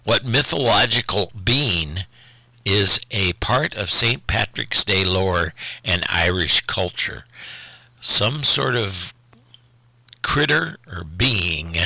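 A man's voice: low voice, lively intonation, slow, vocal fry, pushed and bright, no echo. An older man from Ohio hosting a local call-in radio show, rambling in a chatty, self-deprecating way. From Ohio, USA. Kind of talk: casual radio chat.

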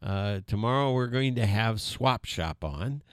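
Rambling older radio host, low and dry. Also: male voice, animated, unhurried, no echo. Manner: rambling, many fillers, folksy asides. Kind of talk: casual on-air talk.

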